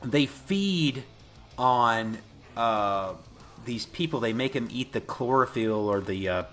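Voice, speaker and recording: Man, slightly tipsy podcaster, lively swinging pitch, cursing a lot, faint music behind. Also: takes it slowly. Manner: profane, laughing, animated storytelling. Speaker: podcast co-host. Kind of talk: casual movie recap chat.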